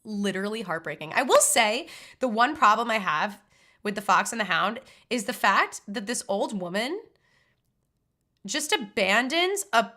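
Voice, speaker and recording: A woman's voice: medium pitch, sharp tone. A woman streamer chatting casually about movies in a loose, slangy way, full of "like" and "dude" and casual swearing. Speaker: live streamer ranking movies. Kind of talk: casual live-stream chat.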